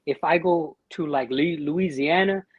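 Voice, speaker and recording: A Mexican American man, a guest on a livestream chat, who speaks earnestly and haltingly, often restarting his sentences. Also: fairly high pitch, breathy edge, dry recording, narrow, tinny audio. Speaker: guest, war veteran living in Siberia.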